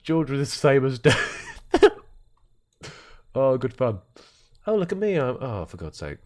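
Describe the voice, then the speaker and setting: A young man chatting on a live stream, joking and laughing a lot while reading out chat and headlines. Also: a little slow. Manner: joking, animated, laughs often and swings in pitch.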